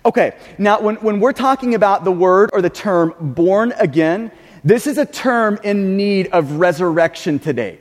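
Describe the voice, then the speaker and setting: High-voiced emphatic male preacher in a reverberant hall. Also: animated, normal speed. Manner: emphatic, repeats words, frequent restarts. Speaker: pastor. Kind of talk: sermon.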